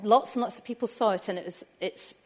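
A woman's voice: medium pitch, fast talker, a little mellow. A woman leading a family church talk, chatty and asking the listeners questions. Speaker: preacher.

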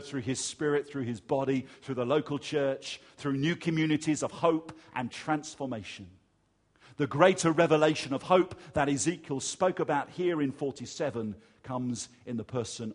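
An English man preaching a sermon, telling a personal story with lively acted-out voices. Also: medium pitch, normal speed. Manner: animated storyteller, acts out crowd voices.

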